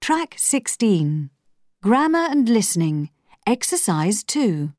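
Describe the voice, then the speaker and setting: A woman clearly announcing tracks and exercises for a textbook audio course. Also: medium pitch, sing-song, slow, darkish tone, soft background music. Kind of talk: reading track and exercise cues.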